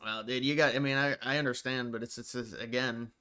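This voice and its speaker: A man's voice: medium pitch, fairly even intonation, a little fast, sharp tone, smooth. An American man hosting a livestream, reacting to chat in casual, rambling commentary and often restarting his sentences. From United States. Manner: rambling, thinking aloud with frequent restarts. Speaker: livestream host.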